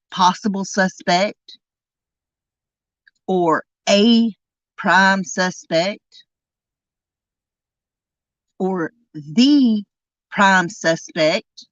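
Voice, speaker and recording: A woman hosting a true crime podcast, delivering an indignant, emphatic monologue and drawing out key words slowly. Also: mid-range voice, a bit bright, no room sound, dull audio. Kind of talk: angry commentary monologue.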